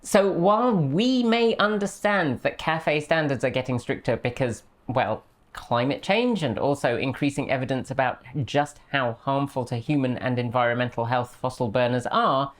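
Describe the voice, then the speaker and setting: A woman's voice: very deep voice, moderate pace, few pauses. A woman hosting a commentary video, talking in a sarcastic, dryly mocking way. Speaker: host.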